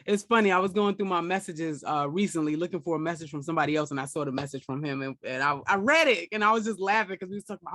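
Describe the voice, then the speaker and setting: A young woman with a New York accent hosting a casual interview, telling stories in an animated, slangy way and laughing often. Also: lowish voice, racing, hardly any pauses, dry recording, studio quality. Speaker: podcast host.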